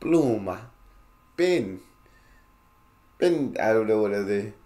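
A man's voice: lowish voice, expressive, takes it slowly, mellow. A man from the United States hosting a reaction video, talking in a slangy, playful, teasing way and repeating words back. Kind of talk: casual reaction commentary.

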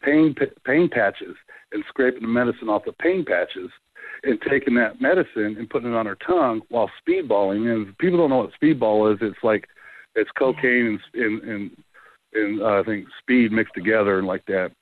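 A man calls in to tell his ghost investigation stories, animated and quick to act out everyone he quotes. His voice comes through a thin, tinny phone line with a dry, close sound. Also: on the low side, no room sound. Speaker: paranormal investigator guest. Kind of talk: casual phone interview storytelling.

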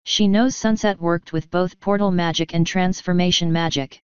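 Solemn royal pony princess, grave and earnest, woman reading her, lowish smooth voice, dull lo-fi sound. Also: fairly even intonation, no echo, lightly acted. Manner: measured, solemn pleading. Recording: dull lo-fi recording.

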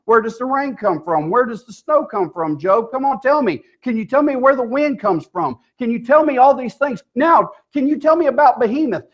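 A male preacher voicing God as a stern, commanding presence who pelts his listener with question after question in a sermon. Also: lo-fi sound. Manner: booming, pelting questions.

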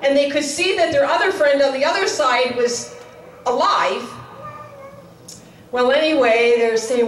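A woman's voice: sits high, measured pace, pauses often. A woman telling a story at a chapel service, acting out the dialogue in a casual, conversational way. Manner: retells a story with quoted dialogue, conversational fillers. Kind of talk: sermon storytelling. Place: chapel hall. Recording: echoey hall, voice from far off.

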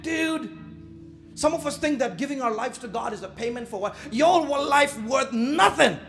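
Man, pastor, very high voice, live church sermon, shouts and quiet asides, faint music behind. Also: normal speed, gravelly. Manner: animated preaching, shouting and dropping to asides; casual slang, laughs at own jokes.

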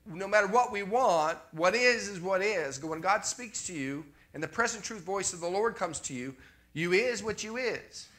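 A man from Canada preaching to a congregation in a bright, forceful voice. He talks conversationally, repeats key lines and keeps asking the crowd whether they follow. His voice sits a touch higher than most men's. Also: expressive, moderate pace, few pauses. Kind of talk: sermon.

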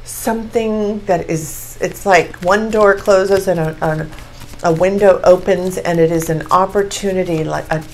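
A woman in her sixties giving a casual tarot reading to camera, excitable and gushing as she exclaims over each card. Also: fairly low pitch, unhurried, a little hiss or hum, rough recording. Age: 60s. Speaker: tarot reader.

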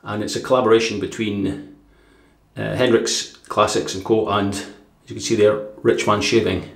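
Brief: rambling, easygoing Scottish guy, lowish voice, recorded in a roomy space at home. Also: little pitch movement, normal speed, vocal fry, fairly bright tone. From Dundee, Scotland. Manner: chatty and rambling, with filler words and chuckles. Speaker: shaving vlogger. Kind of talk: casual product review. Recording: echoey room.

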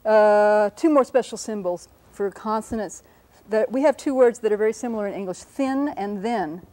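Over rough audio, a woman's dark, mid-range voice moves briskly through a classroom linguistics lesson. Standing at the whiteboard, she sounds out sample words with patience, correcting herself and saying sorry whenever she slips.

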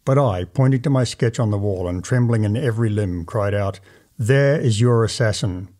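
Mellow-voiced man reading a story aloud. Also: lowish voice. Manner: measured, dramatic first-person narration. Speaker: audiobook narrator. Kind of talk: storybook reading of a classic tale.

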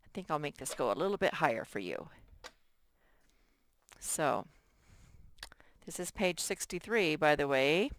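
Slow, patient woman teacher, close and dry. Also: low-pitched, very animated, no echo. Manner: slow, patient, sounding out words for young children. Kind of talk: first-grade workbook lesson.

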